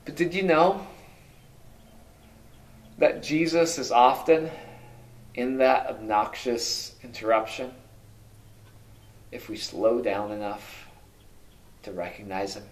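A male pastor preaching a sermon, asking many rhetorical questions and moving between loud emphasis and hushed, quiet lines. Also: medium pitch, takes it slowly, pauses often.

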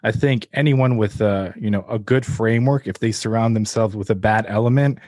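A man hosting a podcast, answering his guest in a thoughtful, measured way. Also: lowish voice, a little mellow, no room sound, clean studio sound. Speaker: podcast host. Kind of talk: reflective conversation.

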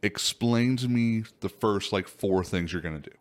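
Teasing low-voiced podcast co-host. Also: male voice, normal speed. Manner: teasing, steers the talk with probing questions. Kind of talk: casual chat.

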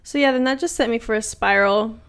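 Podcast co-host, twenties, woman, fairly high-pitched, animated, swears a lot. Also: fairly quick, clear, resonant tone. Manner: animated storytelling, heavy swearing and fillers. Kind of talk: casual chat.

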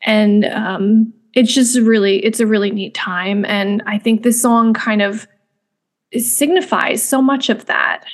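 A young woman hosts a music podcast in a chatty, rambling way, full of fillers and restarts. Her voice sits a little on the high side. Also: steady tone, a little slow. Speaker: podcast host. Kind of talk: casual spoken commentary.

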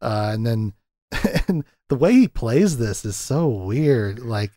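A man's voice: mid-range voice, big pitch swings, slow pace, warm tone, no echo, studio quality. A man hosting a podcast in casual film chat, laughing often and acting out scenes as he retells them. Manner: chatty, laughs often, acts out quotes from scenes. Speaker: podcast host.

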